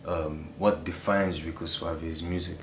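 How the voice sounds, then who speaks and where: A man's voice: low-pitched, fairly even intonation, measured pace, noisy background. A young Nigerian man with a Nigerian accent, chatting easily as an interview guest, laughing often and filling with "you know". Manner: easygoing, laughs often, many fillers. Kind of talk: casual interview chat. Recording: roomy echo.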